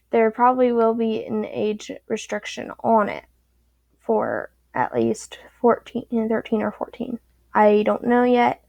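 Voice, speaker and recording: Casual woman storyteller, slightly high, dry close sound. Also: vocal fry, a little mellow, no room sound. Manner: rambling, offhand. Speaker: story reader. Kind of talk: casual chat and fan story reading.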